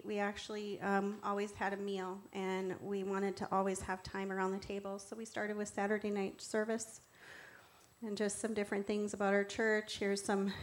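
A woman and church co-founder sharing a personal testimony, telling her story earnestly with slides, reverent and animated in turn. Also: medium pitch.

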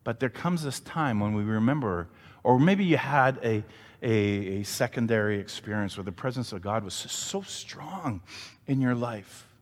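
A man preaching in an animated, storytelling way, swinging between loud, emphatic lines and quiet, hushed ones. His voice is mid-pitched, and a long hall reverb trails every phrase. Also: unhurried. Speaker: pastor. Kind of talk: sermon.

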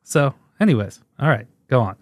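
A man's voice: medium pitch, sing-song, normal speed, a little mellow, no room sound, clean studio sound. A man hosting a podcast, ranting sarcastically and laughing with exasperation. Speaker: podcast host. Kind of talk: casual comedic commentary.

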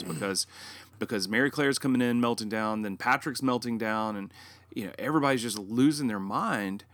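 A man's voice: brisk, a bit bright, no echo. A man in his thirties or forties co-hosting a casual podcast chat, telling stories and acting out his own past lines. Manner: storytelling, acts out his own past lines with rising pitch. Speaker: podcast co-host.

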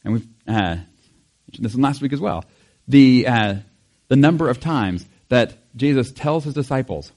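A male pastor giving a conversational sermon, animated and chatty, acting out quotes with small laughs. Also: mid-range voice, moderate pace.

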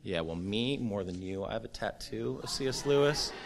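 A middle-aged man preaching a sermon to his church, earnest and building to a forceful, rising close. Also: on the low side, lively intonation, normal speed, creaky, slight background noise. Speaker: pastor.

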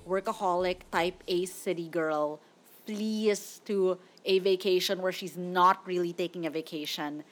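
A woman's voice: lowish voice, steady tone, unhurried, a little hiss or hum. Chatty, opinionated woman podcast host. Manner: chatty, opinionated, laughs often. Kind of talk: casual chat reviewing movies.

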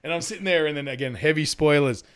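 A man's voice: fairly high pitch, quick pace, clean tone. A young adult man chatting casually about a film, rambling with lots of fillers, laughing often and swearing freely. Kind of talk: casual movie review chat.

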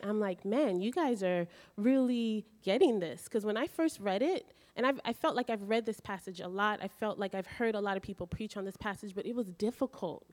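A woman preaching a sermon to a small group, telling a personal story with animated strings of questions. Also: medium pitch, no echo. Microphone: handheld mic.

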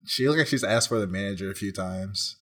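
A man with a lowish voice jokes on a podcast, rambling through his thoughts with plenty of fillers. The tone stays loose and casual. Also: a little fast, fairly bright tone. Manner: joking, rambling with many fillers. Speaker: podcast co-host. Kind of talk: casual comedy chat.

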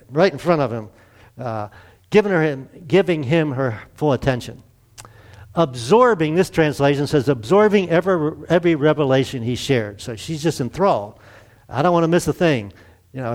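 A man preaching a casual, conversational sermon, asking the congregation questions and chuckling as he goes. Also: fairly high pitch. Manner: conversational, asks the audience questions, chuckles often. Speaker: pastor.

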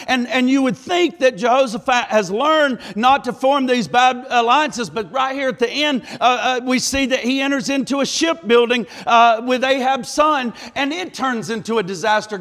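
A man's voice: very high voice, a bit bright, in a large hall. A man preaching a sermon as pastor, earnest, repeating himself and restarting phrases.

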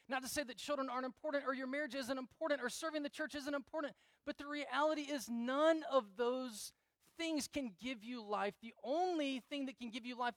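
A man's voice: very high voice, fairly bright tone, no room sound. A middle-aged man preaching a sermon as pastor, earnest and repeating key phrases for emphasis. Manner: earnest, repeats key phrases, acts out prayers in dramatic quoted voices.

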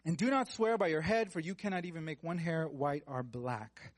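A male preacher with a notably high voice gives a relaxed, conversational sermon. He reads scripture aloud and drops in casual, joking asides between the verses. The sound is close and dry, with no room echo. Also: moderate pace. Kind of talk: conversational sermon with Bible reading.

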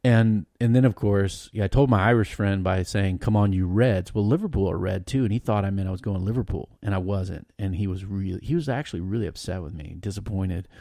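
Man, podcast guest, animated rambling storytelling, dark warm tone. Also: sits low, fairly quick, creaky, few pauses, no room sound. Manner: rambling and animated, frequent restarts. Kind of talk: casual storytelling chat.

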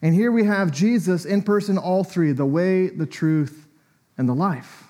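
A man's voice: high-pitched, unhurried, mellow. A man preaching a sermon in a church, talking in a conversational, reflective way with small asides and fillers.

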